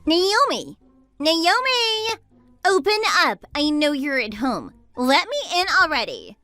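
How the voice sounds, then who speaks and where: A woman voicing an entitled, demanding young sister-in-law who yells and bosses people around. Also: very animated, slow pace, no room sound, soft background music, exaggerated voice. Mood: yelling. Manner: demanding, shrill, yelling. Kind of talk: texting-story voice acting.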